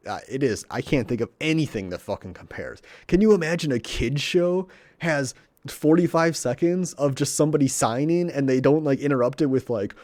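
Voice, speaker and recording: A swearing, gushing man with a dark voice. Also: mid-range voice, expressive, moderate pace, no echo. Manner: swears often, stumbles over words, gushing. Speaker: vlogger reviewing a show. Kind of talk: excited casual monologue.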